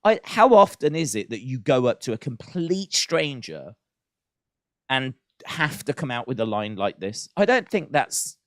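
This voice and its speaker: A man co-hosting a podcast in casual chat, talking in an animated, self-mocking way. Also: mid-range voice, measured pace, no echo, studio quality. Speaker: podcast co-host.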